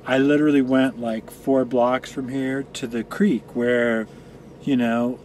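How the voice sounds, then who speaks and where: A man's voice: mid-range voice, flat delivery, measured pace, a little mellow, a little hiss or hum. Rambling, profane man from Colorado. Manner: rambling, profane, tangential storytelling. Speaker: guest. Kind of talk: casual chat. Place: room where marijuana is being smoked.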